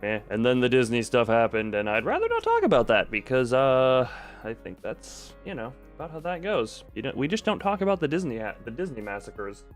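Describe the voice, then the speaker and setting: A man's voice: mid-range voice, huge pitch swings, fairly quick. A man chatting casually on a stream, rambling and self-deprecating, into a desk microphone at home. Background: soft background music.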